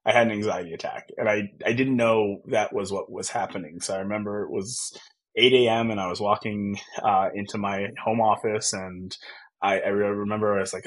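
A man's voice: lowish voice, steady tone, a little fast. A man in his thirties, a podcast guest, telling a personal story in an earnest, reflective way with many fillers and restarts. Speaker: podcast guest, tech founder.

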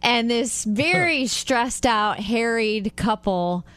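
A woman co-hosting a talk show, telling stories in a lively way and laughing often. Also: fairly high pitch, slow, dry recording. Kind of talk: casual chat.

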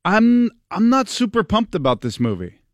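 A man's voice: sits high, very animated, normal speed, no room sound. Wisecracking male radio co-host. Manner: dry, wisecracking asides. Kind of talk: casual chat.

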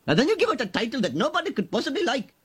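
A man's voice: extremely high pitch, wildly swooping pitch, racing, fairly bright tone, full character voice. An actor voicing an earnest Indian male shopkeeper in a cartoon, with a put-on Indian accent. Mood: exasperated. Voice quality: exaggerated put-on accent, sing-song. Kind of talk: cartoon voice acting.

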